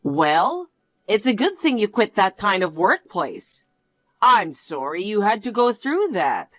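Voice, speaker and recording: Woman as a gentle middle-aged mom, apologetic and caring, lively pitch, dry close sound. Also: measured pace, no room sound, soft background music. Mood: concerned. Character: kind middle-aged mother, apologetic and protective. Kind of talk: one-voice story narration.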